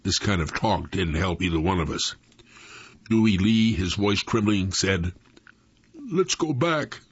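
A man narrating a first-person story with an expressive, dramatic delivery. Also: low-pitched, a little slow, slightly rough, lo-fi sound.

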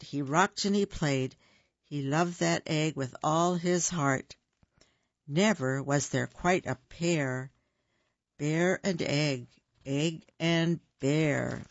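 A storyteller reading a children's picture book aloud in a slow, rhythmic, sing-song way. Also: medium pitch, dry recording, lo-fi sound.

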